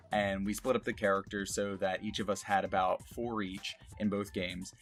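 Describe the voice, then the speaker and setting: A man, a voice actor, talking casually about his past character voices in a relaxed, self-deprecating way with frequent laughs. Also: on the low side. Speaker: voice actor and streamer. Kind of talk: casual retrospective talk.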